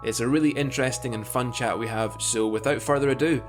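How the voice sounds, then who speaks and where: A man with a Scottish accent, hosting a podcast and asking questions in a relaxed, friendly way. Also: mid-range voice, fast talker, loud music behind the voice. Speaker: podcast host. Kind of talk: casual interview hosting.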